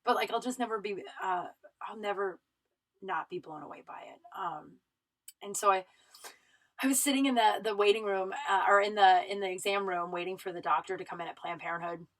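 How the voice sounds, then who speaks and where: A woman's voice: medium pitch, a little fast, rough recording. Tearful woman rambling through a story. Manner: emotional, rambling, many restarts and fillers. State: tearful, runny nose. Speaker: podcast host. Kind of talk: personal storytelling monologue. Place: home recording room.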